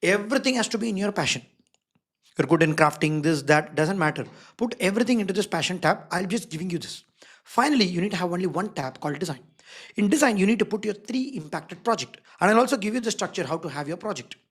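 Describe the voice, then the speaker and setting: A man's voice: high voice, animated, fast talker, fairly bright tone, husky. Emphatic design instructor man. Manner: keeps checking in with the audience; emphatic, repeats key words. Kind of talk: live online workshop teaching.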